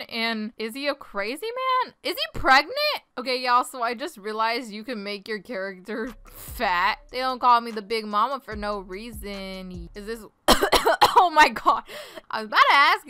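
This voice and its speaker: Bright, high-voiced woman gaming. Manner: playful, laughs often, reads players' text aloud. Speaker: gaming video host. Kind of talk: casual game commentary.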